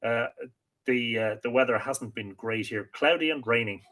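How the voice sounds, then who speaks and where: An Irish man hosting a live mythology stream, chatting casually and greeting viewers by reading out their comments, often pausing and repeating words. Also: mid-range voice, fairly bright tone. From Ireland. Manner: chatty and friendly, with many hesitant repeats. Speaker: host of a live mythology show.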